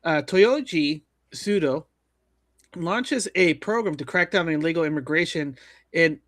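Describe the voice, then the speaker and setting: A man hosting a casual comedy news show, talking in halting bursts with restarts and chuckles. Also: on the high side, fairly bright tone, dry recording, clean studio sound. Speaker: news commentary host.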